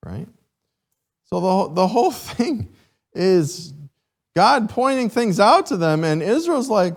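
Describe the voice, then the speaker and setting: A man teaching a Sunday school class, reading scripture and questioning his students in a lively, chuckling way. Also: high-pitched, slow, vocal fry, pauses often. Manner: animated, asks the class questions, chuckles often.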